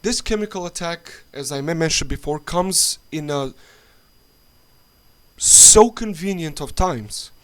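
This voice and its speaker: A man's voice: on the high side, expressive. A man vlogging an angry political rant, swearing often and stumbling through restarts. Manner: angry, profane, halting with restarts.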